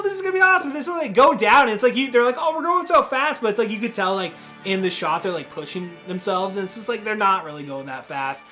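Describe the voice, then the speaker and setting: A man hosting a podcast, casually recapping a horror movie in a rambling, profane way, full of "dude" and quick acted-out quotes. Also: high-pitched, sharp tone. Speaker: podcast host reviewing a horror film.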